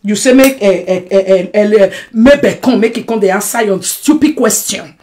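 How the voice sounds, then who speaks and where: A Nigerian woman ranting on a live stream. She swings between shouting and muttering, mixing Pidgin and English. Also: mid-range voice, moderate pace. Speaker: social media personality. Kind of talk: emotional live-stream rant.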